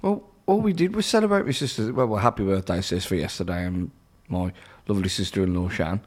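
A man co-hosting radio, with a voice that sits on the low side. He teases easily and drifts into relaxed chat, never in a hurry. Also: fairly quick. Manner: teasing, easygoing. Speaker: radio co-host. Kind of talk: casual on-air chat.

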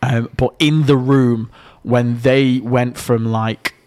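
A man hosting breakfast radio, jokey and quick in playful banter. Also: medium pitch, fairly even intonation, darkish tone, smooth.

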